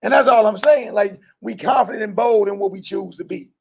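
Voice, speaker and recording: A man preaching an informal sermon to a live group, talking colloquially and loudly stressing his points. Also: high-pitched, brisk, gravelly. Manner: loud emphatic bursts, colloquial, laughs often.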